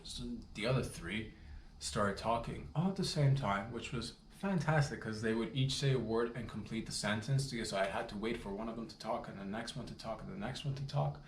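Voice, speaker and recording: A man's voice: fairly low pitch, fairly quick, slight background noise. Guy telling a goofy rambling story, swaggery and slangy, voice shoots way up when he gets hyped, echoey room. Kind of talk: absurd comic storytelling monologue.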